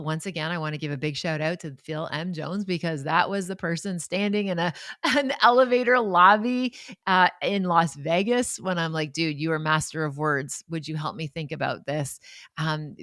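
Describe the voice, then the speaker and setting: Low-pitched woman in her 40s doing a solo podcast, chatty and enthusiastic, goes off on tangents, dry close mic. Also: no room sound. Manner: warm, chatty, enthusiastic, digresses into asides. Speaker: podcast host. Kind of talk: casual solo podcast talk.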